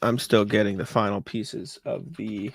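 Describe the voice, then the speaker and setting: Gravelly-voiced guy chatting on a podcast. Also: lowish voice, steady tone, a little slow, no echo. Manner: rambling, laughs at his own mishaps. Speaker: podcast co-host. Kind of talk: casual chat.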